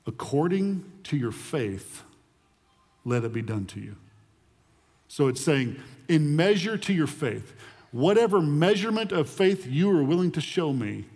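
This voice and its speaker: A man preaching a sermon in an animated way, often repeating words as he builds his point. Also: mid-range voice, in a large hall. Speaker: pastor.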